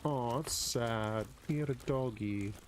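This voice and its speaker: A man's voice: mid-range voice, takes it slowly, slight background noise. A man live streaming, casually telling a story while gaming, rambling and swearing a lot.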